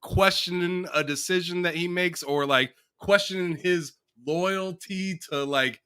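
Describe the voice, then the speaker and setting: Slow, bright-voiced man hosting a call. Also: high-pitched, clear, resonant tone, dry recording. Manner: excitable, filler-heavy, lots of "like". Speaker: podcast host. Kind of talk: casual interview chat.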